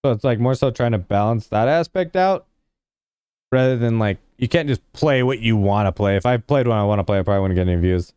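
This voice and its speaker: A young man on a livestream, chatting loosely with his viewers and padding his sentences with "like". His voice is smooth and resonant. The sound is close and dry, with no room around it. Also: on the low side, fairly quick, darkish tone, dry recording. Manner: rambling, heavy use of "like" fillers; laid-back, talks to chat. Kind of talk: casual livestream chat with viewers.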